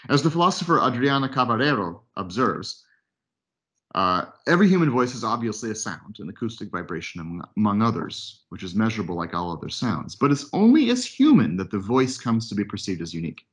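A man giving an academic webinar lecture, reading a prepared text in a measured way with occasional asides. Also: fairly low pitch, big pitch swings, a bit bright, breathy edge. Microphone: computer mic on video call.

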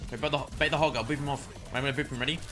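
Young man, gaming streamer, live commentary, high bright voice, excitable, game music underneath. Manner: excitable, swings between frustrated mutters and loud yelps.

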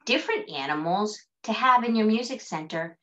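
A woman teaching an early childhood music class, gentle and sing-song, with hushed asides. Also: medium pitch, animated, moderate pace. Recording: dull lo-fi sound.

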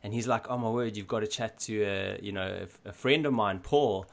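A man with a fairly low voice hosts a podcast. He talks in a friendly, rambling way, circling back as he goes. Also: fairly quick, creaky. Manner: friendly, rambling, many fillers and restarts. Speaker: podcast host. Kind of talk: casual chat.

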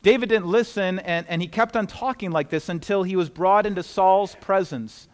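A man's voice: sits high, normal speed. A man preaching an earnest, conversational sermon as a pastor, often restarting and repeating words.

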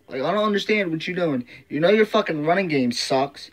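A man's voice: on the high side, animated, a little fast, few pauses. A man ranting in frustration as a sports fan vlogger, swearing constantly and repeating himself. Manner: frustrated, profane, repetitive ranting. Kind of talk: angry fan rant.

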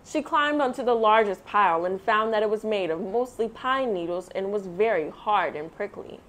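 A woman reads a children's picture book aloud. She tells the story expressively, with a middle-pitched voice. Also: expressive, normal speed, fairly bright tone. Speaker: read-aloud host.

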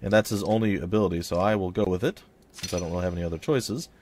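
A man's voice: deep voice, rapid-fire, a little mellow, slight background noise. Laid-back man commenting on gameplay. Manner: chatty, reads in-game text aloud and voices characters lightly. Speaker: let's play host. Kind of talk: casual gameplay commentary with dialogue read aloud.

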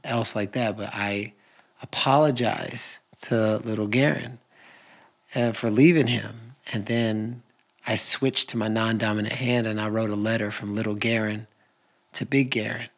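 Casting: husky man, guest on a podcast, earnest, from hushed whispers to loud bursts. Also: fairly low pitch, steady tone, unhurried. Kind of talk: emotional personal storytelling.

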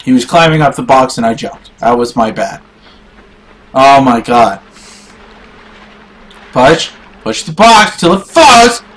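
A young man playing a video game and commenting as he goes, swearing a lot and swinging from low muttering to shouting in frustration. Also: expressive, slow, pauses often. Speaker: gaming YouTuber. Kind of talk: raging gameplay commentary.

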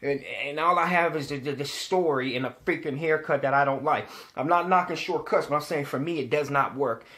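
A man's voice: fairly high pitch, a little fast, hardly any pauses. Profane, fired-up man telling a story. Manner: animated, profane, repeats himself when worked up. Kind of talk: casual storytelling to camera.

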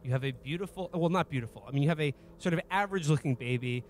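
A man with a fairly high voice riffs in a mock-earnest, deadpan way. He halts and restarts often while keeping a sincere tone. A faint hum sits behind him. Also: rapid-fire. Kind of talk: deadpan comedic riffing.

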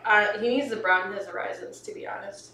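A woman's voice: mid-range voice, fairly quick, bright, forceful tone. A woman visiting as a guest on a home cooking show, throwing in playful comebacks. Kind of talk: casual cooking show banter. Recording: roomy, from a distance, faint background hiss.

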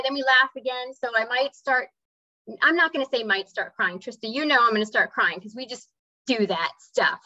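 Bright-voiced woman leading a spiritual session. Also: a little high, highs cut off. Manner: effusive, warm-hearted chatter with soft guided breathing cues. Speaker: spiritual teacher and medium hosting a live event. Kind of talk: casual live talk and guided meditation.

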